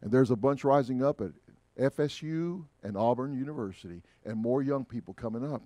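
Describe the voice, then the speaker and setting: A man's voice: medium pitch, brisk, no echo. Man preaching, dry and close. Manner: preaching with emphatic rises and quiet asides. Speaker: pastor. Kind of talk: sermon. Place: church sanctuary.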